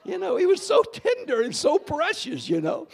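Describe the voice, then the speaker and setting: A pastor in his sixties preaching a sermon, telling a story with sudden swings between hushed and loud delivery and calling on the congregation to respond. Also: very high voice, huge pitch swings, normal speed, vocal fry. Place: church sanctuary.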